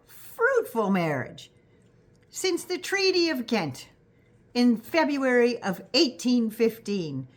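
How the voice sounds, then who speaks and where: An older Canadian woman with a Canadian accent giving a sarcastic, profane political rant straight to her viewers, scolding and rising into loud indignant bursts. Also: a little high. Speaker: vlogger. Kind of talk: direct-address political rant.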